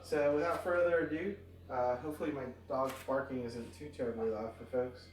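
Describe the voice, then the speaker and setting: A man talking casually through his exercise routine, relaxed and rambling with lots of fillers, sounding tired after exercise. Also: mid-range voice, a little fast, reverberant, recorded from a distance, slight background noise. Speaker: fitness vlogger. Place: at home near a backyard.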